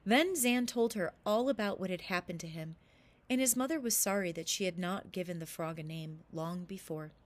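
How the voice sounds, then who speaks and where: A woman reading a children's story aloud with expressive narration. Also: fairly low pitch, normal speed.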